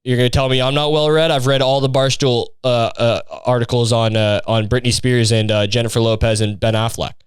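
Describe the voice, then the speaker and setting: A man's voice: mid-range voice, flat delivery, brisk, few pauses, clean tone, no room sound, clean studio sound. A young man hosting a podcast, ranting sarcastically in a rambling, profane comedic style. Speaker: podcast host.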